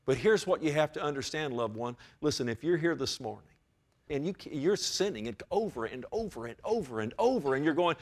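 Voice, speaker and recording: A male pastor preaching a sermon with passion, moving from hushed, low passages to loud, high exclamations. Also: lively intonation, brisk.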